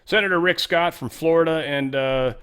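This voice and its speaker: A man's voice: on the high side, normal speed, fairly bright tone, smooth. A man runs a casual political commentary show in a blunt, opinionated voice. He reads posts and poll figures aloud.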